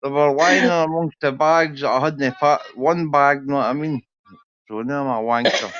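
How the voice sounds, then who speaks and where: A man's voice: on the high side, steady tone, moderate pace, a bit bright. A man, rambling and swearing through a casual livestream chat. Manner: swears constantly, rambling storytelling. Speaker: livestream guest. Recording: dull lo-fi stream audio.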